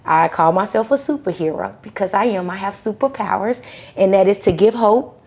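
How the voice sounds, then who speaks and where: A woman from Charlotte, North Carolina, a podcast guest telling her story in a lively, conversational way and acting out what people said. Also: mid-range voice, brisk. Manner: animated, acts out voices in her stories.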